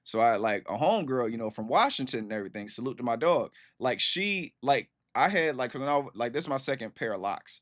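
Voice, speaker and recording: A man's voice: mid-range voice, expressive, fairly quick, few pauses, fairly bright tone. A man, chatting loosely as a reaction host with lots of fillers. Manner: loose, rambling, heavy on fillers like "you know what I'm saying". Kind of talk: casual commentary on a song.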